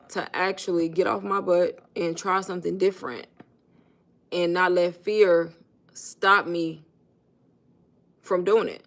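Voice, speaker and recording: A woman's voice: lowish voice, slow pace, long pauses. A woman chatting casually on a phone livestream, coaching her viewers and calling them "y'all" in loose, informal speech. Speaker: online business coach.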